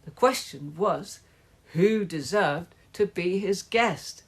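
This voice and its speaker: A woman reading a children's storybook aloud in slow, measured storytelling. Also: on the low side, husky. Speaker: narrator.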